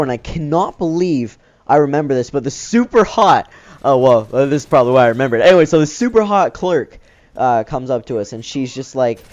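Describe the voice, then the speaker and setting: A man's voice: a little high, a little mellow. A man casually telling a childhood story over game commentary, rambling with lots of fillers. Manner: rambling, loose, filler-heavy talk. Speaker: gaming channel host.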